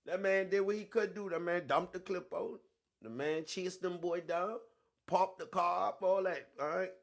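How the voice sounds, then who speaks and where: A man with a somewhat high, gravelly voice hosts a casual livestream. He talks emphatically and profanely and circles back to repeat his points. He drops to low mutters, then rises to loud outbursts. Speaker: online show host.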